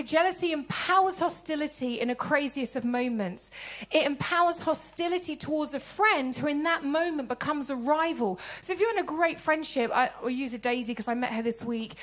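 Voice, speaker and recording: A woman gives a sermon in a church, her voice sitting high. She tells stories animatedly, acting out both sides of conversations. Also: fairly bright tone. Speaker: preacher.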